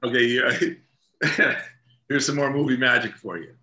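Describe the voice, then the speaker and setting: Guy chatting about acting, laughs a lot, super bright tone, roomy echo. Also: mid-range voice, unhurried. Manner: chatty, laughs while telling stories. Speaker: actor guest. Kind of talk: casual interview chat.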